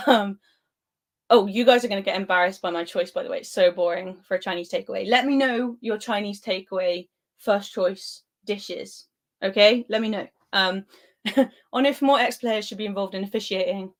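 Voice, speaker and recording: A young woman who grew up in Spain hosts a football live stream at home. She talks in a chatty, giggly way at an ordinary, middling pitch and reads viewers' comments aloud. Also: moderate pace. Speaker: football channel host. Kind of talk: casual live-stream chat.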